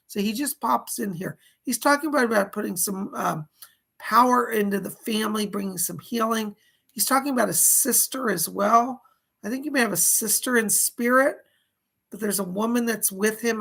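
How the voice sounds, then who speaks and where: Gravelly husky-voiced male psychic medium. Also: sits high, a bit bright. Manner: relays spirit messages with repeated "he said"; reads viewer donations aloud with thanks. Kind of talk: live psychic readings.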